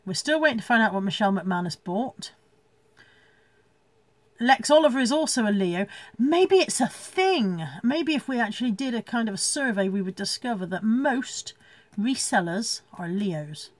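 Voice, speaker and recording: A chatty woman rambles through a casual live stream from home, laughing often and reading out comments. Her voice sits a touch high. The sound is close and dry, with no room echo. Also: animated, moderate pace. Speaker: reseller hosting a live stream.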